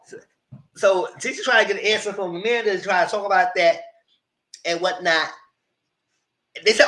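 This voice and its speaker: A man giving a live recap of a reality show, retelling scenes in an animated way and acting out what the cast said. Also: sits high, normal speed, pauses often. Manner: animated retelling, acts out cast members' lines. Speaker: show reviewer.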